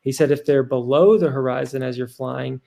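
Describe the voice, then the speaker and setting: A man's voice: mid-range voice, steady tone, moderate pace, creaky, warm tone. A man in his thirties, a podcast guest telling a story in an earnest, rambling way full of fillers.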